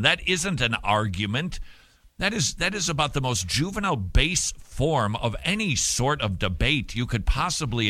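A man's voice: medium pitch, pushed and bright, no room sound. A man hosting an opinion show, giving mocking, sarcastic commentary. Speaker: show host.

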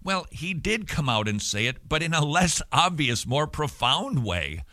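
A man hosting a radio talk show, talking with energy and animation and dropping quick joking asides. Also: fairly high pitch, sing-song, bright, forceful tone, no echo, studio quality.

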